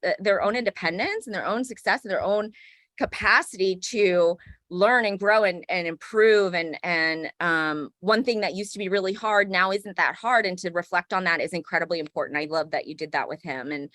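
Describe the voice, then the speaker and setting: A woman's voice: mid-range voice, moderate pace, fairly bright tone, dry recording, studio quality. A woman co-hosting a parenting podcast, talking in a reflective, affirming way and often checking in with "right?". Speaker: podcast co-host. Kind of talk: casual conversational chat.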